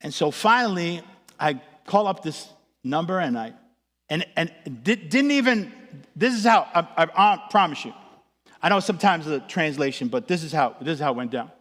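Male pastor, lively comic storyteller with a slightly high voice, recorded in a reverberant church hall. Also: normal speed. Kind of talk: sermon with personal storytelling. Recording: echoey hall.

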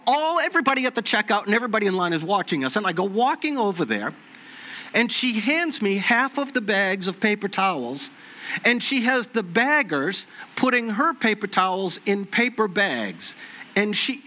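Male pastor preaching, high bright voice, tells stories in an animated way. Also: moderate pace. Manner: animated storytelling, repeats phrases for effect. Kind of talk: sermon with a personal story.

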